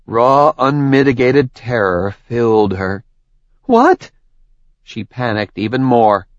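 A man reading a story aloud in slow, tense scripted narration. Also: medium pitch, no room sound. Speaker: audiobook narrator. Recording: dull lo-fi, dry recording.

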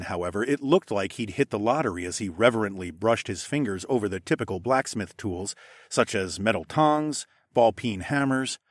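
A man narrating a fantasy audiobook in a first-person voice, putting on higher voices for the characters. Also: no echo, clean studio sound. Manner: voices characters with raised pitch. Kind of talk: scripted narration.

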